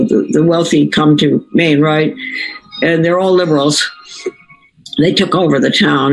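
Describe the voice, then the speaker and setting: An older woman with a deep voice, once a school board member, tells personal anecdotes on a low-quality recording. She rambles, drifts off on tangents and keeps correcting herself.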